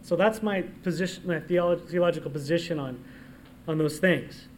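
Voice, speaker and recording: A man preaching a sermon, his voice pitched high. He moves between soft, conversational asides and loud, emphatic proclamations. A faint background noise sits under the recording. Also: normal speed. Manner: shifts from quiet asides to loud emphatic declarations. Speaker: pastor.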